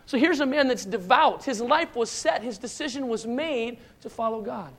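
A man's voice: extremely high pitch, animated, normal speed. A middle-aged man preaching a sermon as a pastor, talking in a loose, conversational way with restarts and asides. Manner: conversational, rambling with restarts, acts out shouted lines in stories. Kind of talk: sermon with personal stories.

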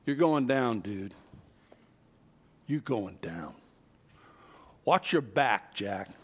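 A preacher putting on a wicked queen who mocks her foe with slangy threats. The voice drops low and quiet, a taunting menace read out in the middle of a sermon. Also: lively intonation, drawn-out words, slightly rough, heavily acted.

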